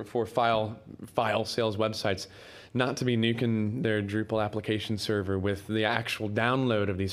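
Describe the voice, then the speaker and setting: A man giving a technical conference talk in a casual way, with many fillers and restarts. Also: on the low side. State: coughing, throat irritation. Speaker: conference speaker. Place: conference room.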